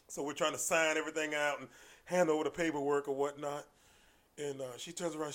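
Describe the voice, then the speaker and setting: Animated man telling stories, slightly high voice. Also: fast talker. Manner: animated, acts out voices, drops to whispers. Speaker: guest, martial arts coach. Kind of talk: casual storytelling.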